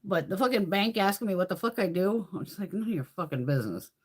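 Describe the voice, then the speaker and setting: A lively, foul-mouthed American woman hosts a makeup livestream, reading viewer comments in a casual chat. Her medium-pitched voice is fast with a breathy edge, and she's blunt, swears heavily and laughs often.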